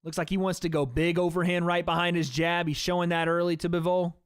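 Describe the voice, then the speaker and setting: A man with a fairly high, smooth voice calls a fight play by play for his livestream viewers. His talk is loose and chatty, and he keeps turning to the audience as "guys." The sound is dry and close, with no room echo. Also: level tone, quick pace. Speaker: livestream host. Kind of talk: casual play-by-play commentary.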